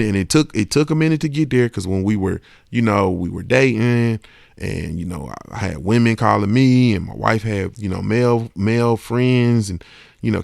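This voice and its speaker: His voice is on the low side and creaky as he hosts a podcast, giving a casual, emphatic monologue full of swearing and repeated checks of "you understand what I'm saying." The sound is clean studio audio with no room sound.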